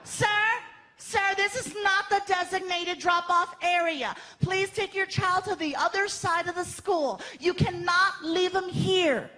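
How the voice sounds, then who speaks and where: A man's voice: very high-pitched, steady tone, a little slow, sharp tone, voice pushed up, heavily acted. A man playing a stern, officious woman school principal who lays down the rules, on a live comedy recording. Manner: firm, officious, rule-citing. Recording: live show with background noise.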